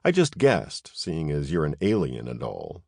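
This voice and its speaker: A man's voice: rumbling low, wildly swooping pitch, unhurried, gravelly, darkish tone, dry recording, clean studio sound, exaggerated voice. A man voicing a bold, curious young human woman who talks in a teasing, impudent, chatty way.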